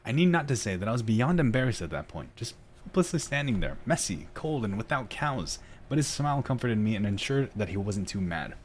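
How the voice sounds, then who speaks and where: A man with a low voice hosts a gaming video, reading the game's lore aloud in a chatty way. He laughs easily and stumbles over words as he goes, and faint noise sits under the recording. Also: big pitch swings, fairly quick. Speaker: let's play host.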